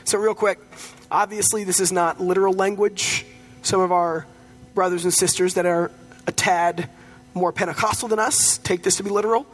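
A man with a notably high voice preaches a sermon as pastor. He talks in a relaxed, conversational way, weaving in stories and light humor. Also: normal speed.

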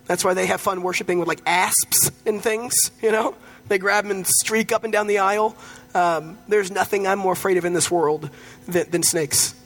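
A man's voice: high-pitched, fairly even intonation, normal speed, fairly bright tone. A man preaching a sermon as pastor, in a conversational storytelling way with touches of humor.

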